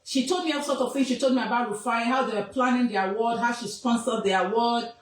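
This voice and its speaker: Nigerian woman, activist, high and insistent, roomy off-mic sound. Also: fast, far from the mic. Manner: emphatic, repetitive, scolding. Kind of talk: impassioned public statement.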